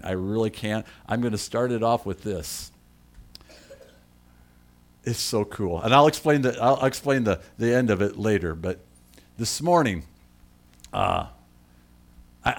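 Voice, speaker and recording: A middle-aged man preaching a sermon as pastor, telling a personal story with enthusiasm and frequent repeats. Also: lowish voice.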